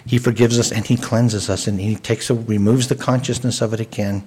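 A man's voice: fairly low pitch, steady tone, fairly quick, darkish tone, breathy edge, rough recording. A man preaching a sermon in an earnest, conversational way, often restarting his sentences. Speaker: pastor.

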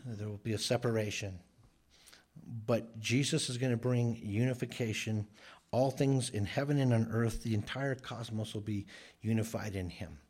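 A man's voice: fairly low pitch, steady tone, moderate pace, darkish tone. A man preaching a sermon in an earnest, emphatic way, often repeating phrases for stress. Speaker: pastor.

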